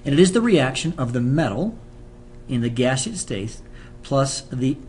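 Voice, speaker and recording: A male chemistry teacher talks through a lesson in an easygoing, joking way. His pitch sits in the middle of the male range, with small restarts and "um"s along the way. A faint low rumble hums under the recording. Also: big pitch swings, normal speed, darkish tone. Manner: casual and joking, explains with fillers and restarts. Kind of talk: classroom lecture video with banter.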